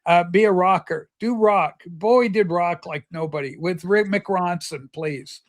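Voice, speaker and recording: A man with a notably high-pitched voice chats on a livestream. He tells stories with eager, rambling enthusiasm, talking straight to his viewers. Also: unhurried. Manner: chatty, enthusiastic storyteller. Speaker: livestream host. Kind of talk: casual chat.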